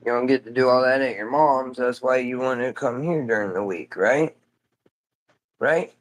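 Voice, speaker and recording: A man's voice: medium pitch, normal speed. A man streaming live from home, chatting casually in a loose, rambling way, swearing offhand and calling everyone "dude".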